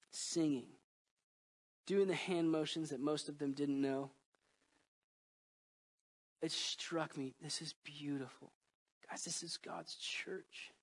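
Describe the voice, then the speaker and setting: Man, pastor, high-pitched, earnest, emotional sermon, loud and hushed turns.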